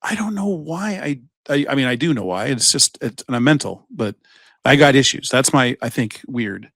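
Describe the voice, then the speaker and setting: A man with a mid-range, slightly bright voice speaks animatedly at normal speed, with no room sound. Co-hosting a podcast from a studio, he spins a meandering story in casual chat, full of swearing.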